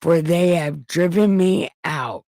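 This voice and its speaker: A woman's voice: lowish voice, slow pace, a little mellow, no echo, studio quality. A woman voicing a brash, defiant young man who talks in crude modern slang. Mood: pleading.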